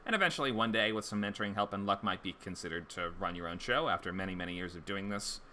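A man with a low, bright, forceful voice talks fast while teaching a screenwriting class in a casual livestream lecture. He's loose and conversational, full of fillers and restarts, and has the hiccups. There's slight background noise.

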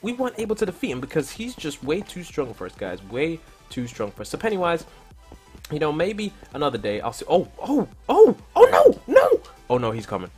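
An excitable young man with a husky voice, commenting on his Minecraft game with a lively pitch that jumps around. He keeps calling out to his viewers and yelps when things go wrong, over faint game music. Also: fairly quick. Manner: excitable, talks to viewers, repeats "guys", bursts into shouts. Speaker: gaming YouTuber.

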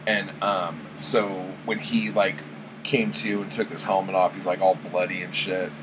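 A man recaps a book in a loose, rambling way, swearing often and leaning on fillers. His voice is fairly low and his pace slow and unhurried. An air conditioner hums steadily in the room. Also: level tone, background noise. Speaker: book vlogger. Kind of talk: casual spoken book recap.

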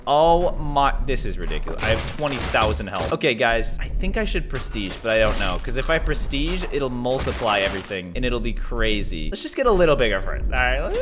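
A man giving let's play commentary, excitable and giggly, often yelping and shouting. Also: mid-range voice, background noise. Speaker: gaming YouTuber. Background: game music.

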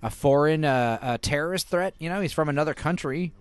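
A man's voice: fairly high pitch, fairly quick, clean tone, no room sound. A young adult man hosting a casual movie watch-along, joking and swearing a lot. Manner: animated, profane, jokey. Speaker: host.

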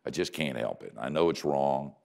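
An older man, a pastor, telling a story in a sermon with dry self-mocking humor, swinging from loud emphasis to hushed quiet. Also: very deep voice, animated, moderate pace, vocal fry.

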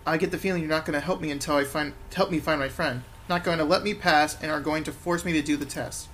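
A man's voice: on the high side, fairly even intonation, a bit bright, a little hiss or hum. Wry man narrating a game. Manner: wry, quick asides, mutters to himself. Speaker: game player. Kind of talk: let's play commentary and reading game text.

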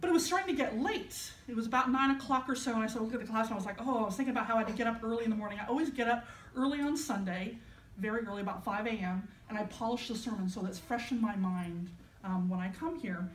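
A woman's voice: fairly high pitch, quick pace, slight background noise. A woman minister gives a conversational, storytelling sermon. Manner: conversational, storytelling, self-deprecating. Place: church sanctuary. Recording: echoey church from a distance.

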